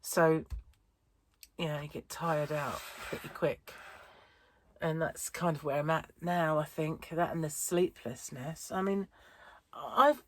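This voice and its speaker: A woman's voice: low voice, no echo. A middle-aged woman with a wheezy chest chatting in a tired, rambling way for her crochet vlog. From United Kingdom. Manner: rambling, chatty, self-interrupting. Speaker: crochet vlogger. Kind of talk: casual chat vlog.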